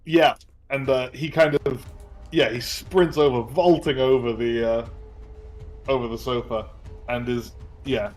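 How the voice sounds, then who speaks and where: A man's voice: medium pitch, fairly even intonation, measured pace, darkish tone, soft background music. A man playing in an online tabletop game, narrating his character's actions with laughter and energy. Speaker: player.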